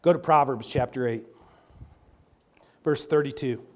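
A man preaching a sermon in a folksy, animated way, moving between loud emphatic bursts and quiet low asides. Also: unhurried. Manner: animated, folksy storytelling with sports analogies. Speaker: pastor.

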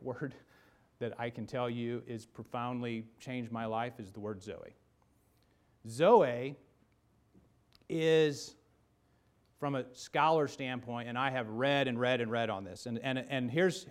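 Guy preaching a sermon, gets loud and punchy then drops real low, restarts words a lot. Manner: animated, rising to emphatic bursts then dropping low; repeats and restarts words when building a point. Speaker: pastor.

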